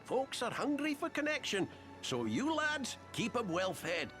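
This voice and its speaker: A man's voice: very high voice, wildly swooping pitch, a little slow, faint music behind, exaggerated voice. An actor playing a genial, folksy male restaurant backer in a video game cutscene, full of old sayings. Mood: fond. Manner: folksy, warm-hearted speech with old sayings.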